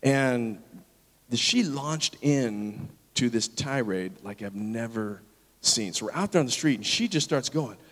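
A pastor telling a story in a sermon and acting out the people in it. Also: male voice, mid-range voice, unhurried. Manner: animated, acts out the people in his story. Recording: long reverb of a large hall.

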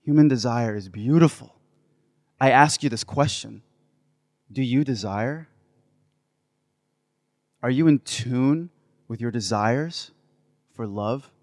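Energetic man addressing a crowd. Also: medium pitch, takes it slowly, long pauses, dry recording, clean studio sound. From United States. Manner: playful, building to loud enthusiastic bursts. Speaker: Catholic speaker. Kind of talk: energetic talk to a live audience.

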